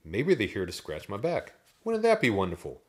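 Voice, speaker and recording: A man voicing a frightened, drooling little zombie boy in a storybook reading, with a high, pleading voice. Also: wildly swooping pitch, normal speed, a little mellow. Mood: wondering.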